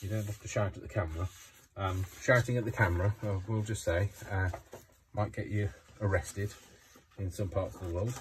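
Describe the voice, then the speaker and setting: A man's voice: lowish voice, steady tone, moderate pace, recorded from a distance, slight background noise. A tired man with a yawning, rambling manner, chatting to the camera while he does a craft project at home. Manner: rambling, self-talking, many ums and restarts. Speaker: craft vlogger. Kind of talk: casual chat while crafting. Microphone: phone camera left running.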